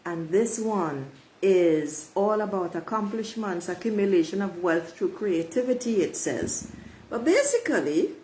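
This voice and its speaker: Slow, emphatic woman reading oracle cards. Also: mid-range voice, lively intonation, warm tone, a little hiss or hum, poor audio. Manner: emphatic, repeats affirmations, addresses listeners as beautiful souls. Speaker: oracle card reader. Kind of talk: spiritual card reading to viewers.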